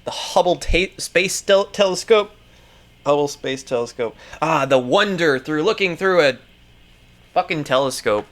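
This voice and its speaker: A man's voice: a little high, animated, a little slow, fairly bright tone. A man casually reading an article aloud. He rambles, swears often and stumbles over words as he comments along the way.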